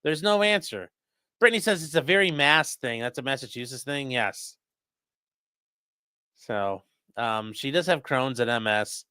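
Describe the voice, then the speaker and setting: A male host giving livestream commentary in an animated, sarcastic way, reacting to clips and reading chat aloud. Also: medium pitch, unhurried, long pauses, smooth, no room sound, studio quality.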